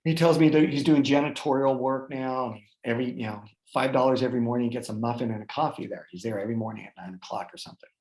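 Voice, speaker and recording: A man's voice: mid-range voice, fast talker, hardly any pauses, a little mellow. A man hosting a chat, telling a personal story in an earnest, heartfelt way with lots of fillers. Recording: roomy echo.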